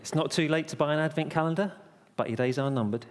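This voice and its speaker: A man's voice: fairly high pitch, quick pace. A man preaching a carol service message in a church, conversational and playful, telling puns. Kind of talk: sermon with jokes. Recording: long church reverb.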